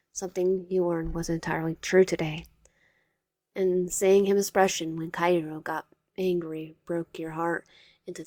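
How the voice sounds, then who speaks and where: A woman's voice: lowish voice, no room sound. A woman reading a visual novel aloud in second person, adding wry, joking asides. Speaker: game player reading aloud.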